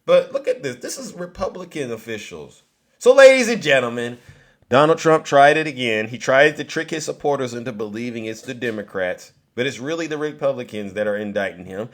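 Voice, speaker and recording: A man hosting a political commentary live stream, mocking and animated, talking straight to his viewers. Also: mid-range voice, brisk.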